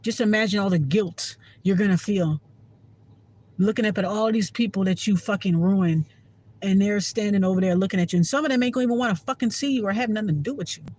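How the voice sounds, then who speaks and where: This Washington DC-area man vlogs about spirituality in a loose monologue to camera, rambling candidly with plenty of swearing and filler words. He talks fast in a high-pitched, somewhat mellow voice, captured on a low-quality recording.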